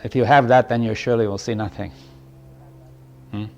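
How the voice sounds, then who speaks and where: A man giving a reflective spoken talk to a small audience. He often restarts his phrases, checks in with his listeners, and chuckles softly between points. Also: mid-range voice, fairly even intonation, brisk, dull audio.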